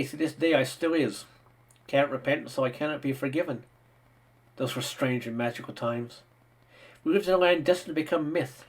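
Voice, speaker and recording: A weary, ageless knight speaks in a calm, husky, understated voice, as a male reader plays him. His delivery is measured and reserved throughout this audiobook reading. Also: a little high. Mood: rueful.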